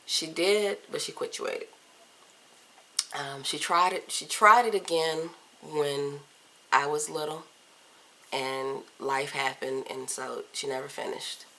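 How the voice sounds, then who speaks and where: A low-pitched woman from Virginia in her thirties chats into a camcorder, answering questions one after another. She is candid and playful and lets her sentences trail off quietly. A faint hiss sits under the recording. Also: steady tone, takes it slowly. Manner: chatty, candid, playful asides, trails off softly. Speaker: vlogger. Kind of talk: casual chat answering tag questions. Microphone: camcorder mic.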